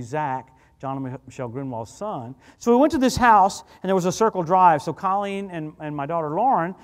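A middle-aged man preaching as a guest minister, telling stories in an animated, conversational way. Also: high voice. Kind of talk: sermon. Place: church sanctuary. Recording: church hall reverb.

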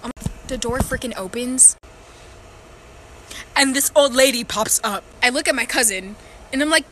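A woman's voice: fairly high pitch, normal speed, long pauses, sharp tone, slight background noise. A woman telling a family story in a slangy, sarcastic and mocking way. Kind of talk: casual storytime.

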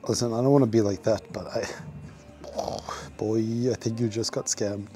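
Livestreaming from the gym, a man chats casually with viewers while he works out, profane and self-mocking, sometimes out of breath. His voice is lowish and warm with fairly even intonation at normal speed, and faint music can be heard behind him.

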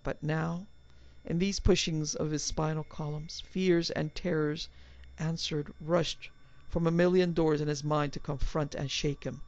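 Gravelly woman narrating a horror story. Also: low-pitched, fairly even intonation, unhurried, a little mellow. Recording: slightly dull, dry recording.

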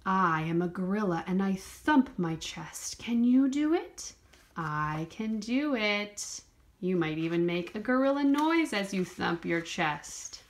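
A woman's voice: mid-range voice, slow pace. A woman leading a children's movement lesson, reading a picture book aloud in a sing-song voice and cheering the dancers on. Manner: lively sing-song storybook reading, encouraging prompts. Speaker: dance teacher.

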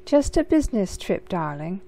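A woman's voice: mid-range voice, sing-song, normal speed, mellow, slight background noise. A woman doing a breezy, secretive great-aunt. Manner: breezy, says darling often.

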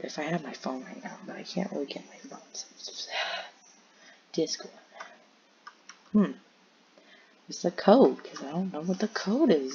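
Gravelly gamer rambling to themself while picking a server, mid pitch, dull lo-fi mic with a little hiss. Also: darkish tone. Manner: rambling, muttering to self while browsing servers. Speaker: gameplay commentator. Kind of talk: casual gameplay commentary. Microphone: home headset or desk mic.

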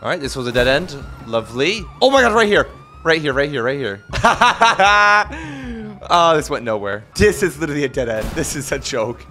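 A young man narrates his own getaway in a role-play game, joking and exclaiming as he drives. His voice is bright and forward, and his pitch swoops up and down constantly. He sounds close to a headset mic. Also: quick pace, few pauses. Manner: excitable, jokey, talks to himself while driving. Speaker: streamer playing a robber. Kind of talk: gameplay commentary with role-play.

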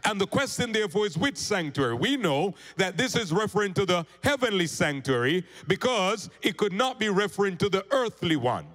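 A man's voice: sing-song, fairly quick, few pauses. Preaching man in an echoing church. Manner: storytelling preacher, calls for amens, swings from loud to low. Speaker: pastor. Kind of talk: sermon. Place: church sanctuary. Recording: church hall reverb.

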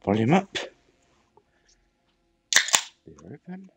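A man's voice: a little high, sing-song, slow pace, warm tone, highs cut off, a little hiss or hum. A man out of breath, giving jittery live commentary on a horror game, talking to his character and dropping to whispers. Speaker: let's play streamer.

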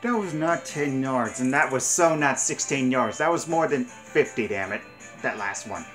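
A man commentating his arcade hunting game, excitable, cursing and yelling at the game. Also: medium pitch, moderate pace, soft background music. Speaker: gaming channel host. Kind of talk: let's play commentary.

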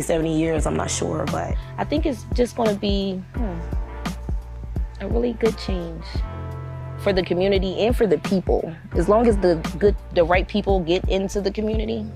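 Woman, documentary interviewee, upbeat and laughing, low-pitched, music underneath. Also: gravelly. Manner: excited, laughs often. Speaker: program participant in a video.

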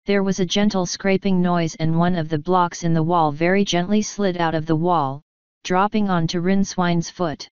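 Clear, low-voiced woman narrating an audiobook. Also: fairly even intonation, normal speed, a little mellow, no echo, muffled recording. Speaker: audiobook reader.

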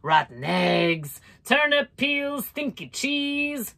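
A woman's voice: sits high, sing-song, extremely slow, creaky, sharp tone, pitched above the performer's own voice, heavily acted. A woman voicing a pompous, boorish male pig suitor in a storybook reading. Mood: smug.

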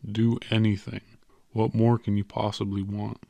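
Male reader doing a calm, mysterious stranger, slow and measured, low and steady. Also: vocal fry, no echo, muffled recording. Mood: knowing. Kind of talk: audiobook character voice.

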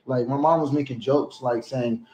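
A man giving a rambling, emotional confessional rant, now and then rising into shouted outbursts. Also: mid-range voice, fairly even intonation, normal speed. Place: home, near a shower. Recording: echoey room.

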